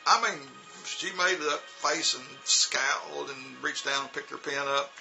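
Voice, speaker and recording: This is a man with a gravelly, very bright voice, casually telling stories about his teaching years. He rambles along, restarting sentences and filling pauses. Soft music plays faintly behind him. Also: on the high side, rough recording. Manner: rambling, many fillers and restarts. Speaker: vlogger recounting teaching in China. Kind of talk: casual storytelling.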